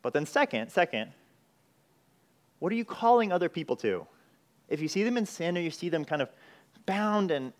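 A man preaching a sermon in an earnest, conversational way, asking rhetorical questions and often restarting his phrases. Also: fairly high pitch. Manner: frequent restarts and repeated words. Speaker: pastor.

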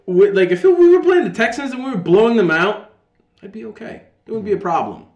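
A man co-hosting a podcast, telling a dramatic sports story and bursting into shouts. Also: high voice, brisk, highs cut off. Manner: dramatic, excitable, prone to shouting. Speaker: podcast co-host. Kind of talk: animated sports storytelling chat. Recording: roomy echo.

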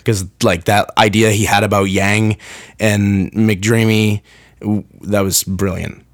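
A man's voice: on the low side, slow. A young man hosting his own podcast, chatting casually and rambling with many restarts and asides. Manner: rambling, self-interrupting, animated. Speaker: podcast host. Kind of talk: casual solo podcast rant.

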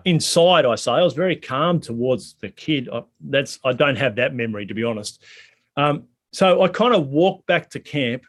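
A man preaching a sermon in a conversational way, asking the congregation many questions. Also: mid-range voice. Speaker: pastor.

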